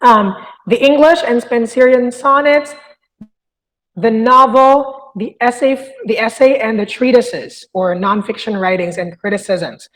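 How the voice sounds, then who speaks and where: A woman's voice: on the high side, a little slow. A woman teaching a literature review lesson, explaining step by step and often checking in with "okay?". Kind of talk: recorded lecture. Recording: long hall reverb.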